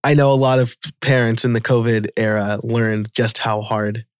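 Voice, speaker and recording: Male podcast host, New York accent, mid-pitched voice, dry close sound, animated casual delivery. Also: smooth, dry recording. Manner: animated, quick asides and quoted self-talk.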